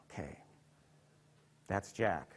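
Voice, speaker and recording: A man giving a lecture as a psychotherapist, speaking with heartfelt feeling and dropping soft and quiet in tender passages. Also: extremely slow, slight background noise. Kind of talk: emotional lecture with literary readings. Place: hospital lecture hall.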